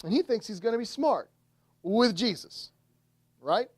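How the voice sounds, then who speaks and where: A pastor delivers a sermon in an animated storytelling manner, his pitch rising and falling widely. The sound is dry and close, with no room echo. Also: a little slow, husky. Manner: animated storytelling, acts out voices in retelling.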